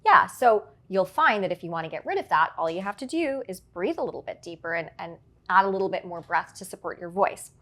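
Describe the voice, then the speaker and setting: A woman working as a public speaking coach, explaining her points clearly in an interview and often checking in with "right?". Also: lowish voice, expressive, brisk, few pauses, a bit bright. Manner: articulate, explains with examples and frequent "right?". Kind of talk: instructive interview answers.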